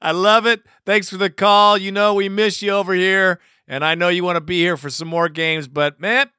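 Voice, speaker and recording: A man's voice: sits high, bright, forceful tone, clean tone, no room sound, studio quality. A man hosting a fan radio show, hyped and folksy, calling listeners partner and brother.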